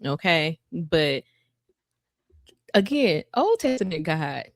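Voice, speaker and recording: A low-pitched woman talking on a faith podcast, close and dry with no room sound. She paraphrases scripture in relaxed slang and circles back over her own words as she thinks aloud. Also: slow pace, gravelly, no room sound. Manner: retells Bible stories in loose, slangy paraphrase; drawls, repeats and restarts lines. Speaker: podcast co-host. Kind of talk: casual faith podcast chat.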